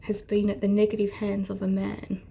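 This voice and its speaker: A woman giving a rambling, earnest tarot reading, often dropping into soft whispers. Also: mid-range voice, completely flat delivery, moderate pace, gravelly, muffled recording, slight background noise. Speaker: tarot reader. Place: at home with her cat.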